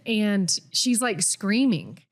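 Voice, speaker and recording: A woman's voice: mid-range voice, sing-song, slow pace. A woman in her twenties, a podcast co-host, telling a personal story candidly with lots of "like.". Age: 20s. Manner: candid, filler-heavy with frequent "like".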